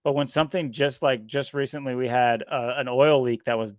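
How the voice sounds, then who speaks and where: Guy rambling on a podcast, animated, dry close sound. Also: mid-range voice, fairly quick, no echo. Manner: rambling, animated, laughs often. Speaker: podcast co-host. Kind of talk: casual chat.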